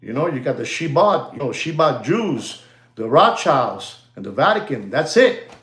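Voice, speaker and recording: In a medium-pitched, sing-song voice at normal speed, a man discusses watches and the gold market with his audience. A dealer and market commentator, he rambles, repeats phrases, drops many "you know"s and Spanish slang, and jokes with and hypes up his "ladies and gentlemen". There's a roomy echo on the recording.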